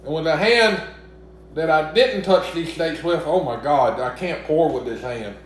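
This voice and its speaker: Brief: young Southern man with a high voice, cooking vlog, chatty and teasing, very echoey kitchen. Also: measured pace, a little hiss or hum. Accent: Southern US (Mississippi). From Mississippi. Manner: chatty, joking, talks back to imagined critics. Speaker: cooking vlogger. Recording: very echoey room.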